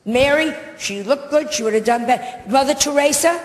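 A woman's voice: high voice, normal speed, background noise. A female stand-up comedian doing bawdy, brassy, confiding live comedy. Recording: echoey live club recording with loud audience.

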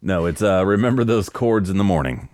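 Deep-voiced easygoing podcast host. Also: male voice, lively intonation, a little fast, a little mellow, dry recording, studio quality. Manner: easygoing, chuckling. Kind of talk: casual chat, introducing songs.

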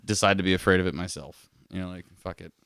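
A man's voice: deep voice, fast, clean tone, no echo, clean studio sound. A man co-hosting a podcast, joking in casual banter and swearing a lot. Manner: profane, joking, animated. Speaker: podcast co-host.

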